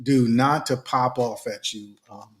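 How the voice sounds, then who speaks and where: A man co-hosting a casual marriage podcast, talking in an animated, slangy way, repeating words and acting out quotes. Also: mid-range voice, measured pace. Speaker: podcast co-host. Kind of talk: casual chat.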